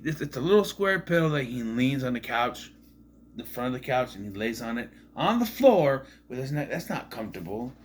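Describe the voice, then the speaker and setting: A man's voice: medium pitch, fairly bright tone, a little hiss or hum. A man casually recapping a movie in a rambling, musing way, often admitting he is unsure. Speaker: movie reviewer.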